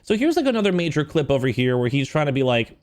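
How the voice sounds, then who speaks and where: A man's voice: fairly high pitch, very animated, fast talker. A man hosting casual drama commentary, talking in a rambling, emphatic way full of fillers.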